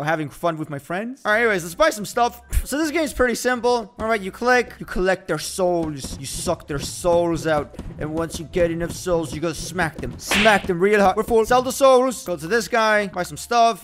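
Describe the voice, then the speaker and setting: A man's voice: high voice, fairly bright tone. A man giving casual gameplay commentary, joking around with playful mock trash talk and frequent exclamations. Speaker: gaming YouTuber.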